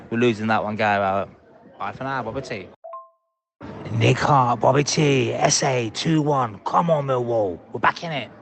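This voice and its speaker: An angry man leaving a ranting voice message as a football fan, swearing and shouting in bursts. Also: lowish voice. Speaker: fan caller.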